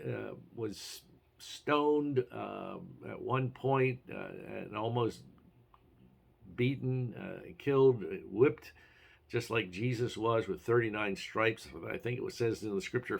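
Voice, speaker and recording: A man's voice: medium pitch, vocal fry. A man giving a short devotional message as a pastor, earnest and encouraging, with occasional hesitations.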